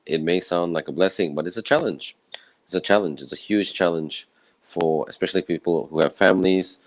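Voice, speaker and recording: A man from Malaysia with a croaky, tired voice, giving an earnest, rambling personal talk from home. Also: deep voice, no echo, low-quality recording. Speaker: event speaker. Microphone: own camera and microphone setup.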